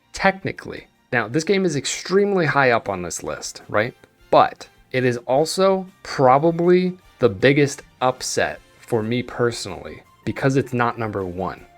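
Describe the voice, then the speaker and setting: A young man giving casual, opinionated video game commentary, animated and acting out his own reactions. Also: fairly low pitch. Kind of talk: tier list commentary.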